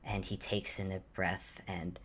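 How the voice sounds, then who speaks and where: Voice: low-pitched, little pitch movement, unhurried, a bit bright, a little hiss or hum. A player describing a character's actions in a tabletop game, searching for words and restarting phrases.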